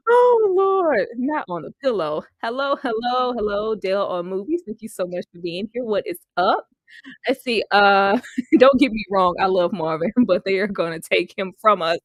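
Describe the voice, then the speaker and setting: A woman's voice: mid-range voice, dry recording. A woman reviewing a TV series in a casual chat, playful and teasing, laughing often and apologizing between remarks.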